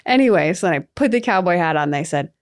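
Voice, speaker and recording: A young adult woman co-hosting a sports podcast, telling stories in a chatty, animated way with lots of fillers. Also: fairly low pitch, fast. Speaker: podcast co-host. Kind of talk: casual sports chat.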